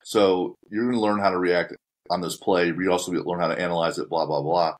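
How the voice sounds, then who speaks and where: A man's voice: low-pitched, steady tone, fast talker. A middle-aged man hosting a podcast, talking casually in a direct, coach-like way and laying out steps plainly. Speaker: podcast host.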